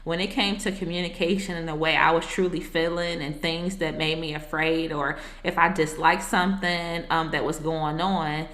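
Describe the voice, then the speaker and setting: This podcast guest, a marriage coach and author, shares her story in a low voice with a bright, forceful edge. Her tone is level, her speed normal, and she barely pauses as she talks earnestly and reflectively, adding offhand asides for the host. The space around her echoes noticeably.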